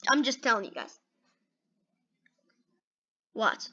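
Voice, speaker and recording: In this lo-fi clip, a female gaming host offers laid-back, excited reaction commentary, peppering it with "okay" and "dude." She speaks at a fairly high pitch and takes her time.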